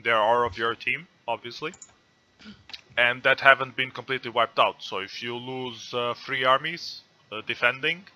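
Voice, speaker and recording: A man with a very bright, sharp voice who speaks English as a second language. He hosts a casual gaming chat on an online call, pausing often and thinking aloud as he works through the rules. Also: medium pitch. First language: not English. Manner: hesitant, thinks aloud while reading rules. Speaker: host.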